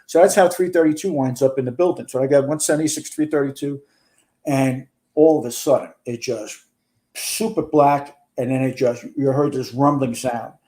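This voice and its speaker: Older guy in his 60s, ex fire chief, telling a long fire story in detail, voice kinda mellow and warm, medium pitch. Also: moderate pace. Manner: earnest storyteller, relives events in detail. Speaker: guest, retired fire chief. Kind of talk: recounting a firefight in a podcast interview.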